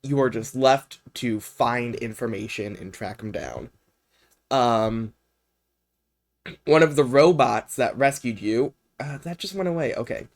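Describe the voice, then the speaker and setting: Young male streamer, mid-pitched voice, casual unscripted game rundown, rambly with lots of filler. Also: a little slow. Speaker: streamer presenting a video game. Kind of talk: casual livestream presentation.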